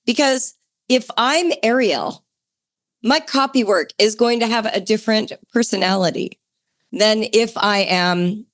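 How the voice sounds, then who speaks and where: Chatty, enthusiastic woman podcast host. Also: a little slow. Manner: enthusiastic, chatty, jumps to a bright higher pitch for emphasis. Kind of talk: podcast talk on homeschooling.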